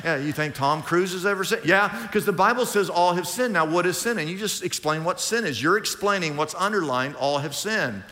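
A man preaching in a church, his bright, forceful voice carrying a long reverb from the large room around him. He talks in a lively, conversational way and acts out both sides of the little dialogues he describes. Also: high voice, a little fast, few pauses. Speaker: pastor. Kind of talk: sermon.

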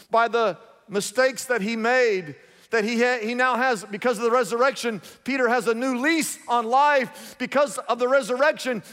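A man's voice: extremely high pitch, fairly bright tone, in a large hall. A man preaching a sermon, telling a story emphatically with lots of repetition.

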